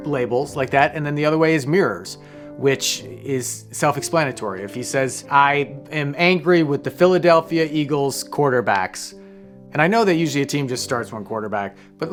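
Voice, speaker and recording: A man hosting a casual explainer monologue, talking loosely, wandering into side stories and swearing offhand. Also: fairly high pitch. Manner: rambling, conversational, off-hand swearing. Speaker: host, comedian.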